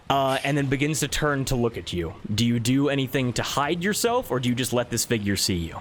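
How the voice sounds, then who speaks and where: A man's voice: medium pitch, expressive, fairly quick, few pauses. A man narrating a tabletop game as game master, rambling with many fillers.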